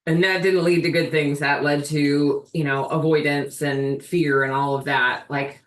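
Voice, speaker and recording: The host of a healing ministry runs a live video Q&A, speaking earnestly and thinking out loud. Her voice is low, with fairly even intonation and an unhurried pace. It comes through a video call mic, distant, in an echoey room.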